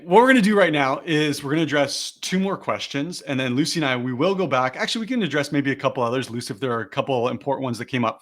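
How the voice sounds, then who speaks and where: A man's voice: fairly high pitch, fairly bright tone. Man coaching sales in a live webinar. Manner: explains steps, then models the lines he teaches. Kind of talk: live online teaching.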